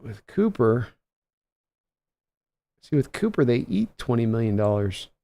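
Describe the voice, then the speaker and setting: A man's voice: mid-range voice, very animated, measured pace, creaky, warm tone. Chatty man reading viewer comments. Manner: chatty, reads comments aloud, chuckles often. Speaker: host. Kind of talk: casual livestream chat reading viewer comments.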